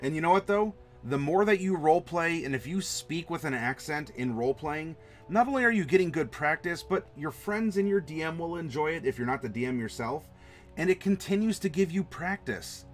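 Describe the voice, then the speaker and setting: Animated man hosting a map-design stream. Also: on the high side, normal speed, soft background music. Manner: animated, playful, talks to chat. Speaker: host.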